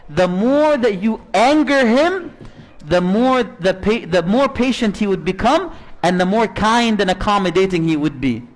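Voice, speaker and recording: Brief: male preacher with a very high voice, animated and conversational, telling a story in a sermon.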